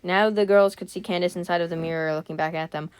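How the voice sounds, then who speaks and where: A woman's voice: lowish voice, fairly even intonation, quick pace, clear, resonant tone, no echo. Chatty woman reading a spooky story. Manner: breaks off reading to joke, comment and apologize. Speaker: channel host reading a scary story aloud. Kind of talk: casual read-aloud with chatty asides.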